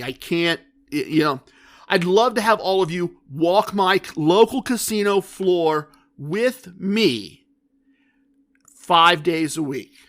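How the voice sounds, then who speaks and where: A man with a high-pitched voice hosts his own podcast and talks through it in a loose, chatty monologue. He tells stories and keeps asking the listener rhetorical questions. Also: a bit bright. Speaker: podcast host.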